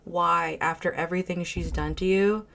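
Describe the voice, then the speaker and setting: Low-voiced, blunt woman giving commentary. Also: fairly even intonation, moderate pace, vocal fry, a bit bright. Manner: blunt, opinionated, reads viewer messages aloud. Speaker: reaction video host. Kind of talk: casual commentary reacting to a clip.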